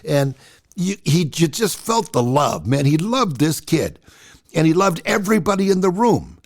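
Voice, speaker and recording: An older man in his sixties with a gravelly edge spins personal stories in a casual, chatty way. His voice rises and falls freely as he tells them. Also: a little high, unhurried. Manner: animated, chatty storyteller. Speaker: storyteller.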